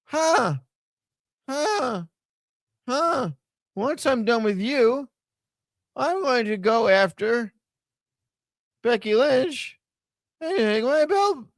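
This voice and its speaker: A man putting on a mocking falsetto impression of a boastful veteran woman wrestler, sneering and taunting. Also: very animated, drawn-out words, long pauses, dry recording, studio quality, heavily acted.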